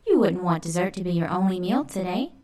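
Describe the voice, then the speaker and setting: A calm, caring cat mother sending her kittens off, as a woman reads her. The voice is lowish and steady. It sounds like a bedtime storybook. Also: brisk, lightly acted. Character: warm, patient cat mother.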